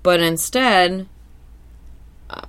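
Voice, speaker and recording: A woman co-hosting a podcast, recapping an episode in loose, animated chat. Her voice sits on the low side, and she keeps dropping into quick quoted voices and casual swearing. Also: smooth. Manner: animated, slips into character quotes. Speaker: podcast co-host.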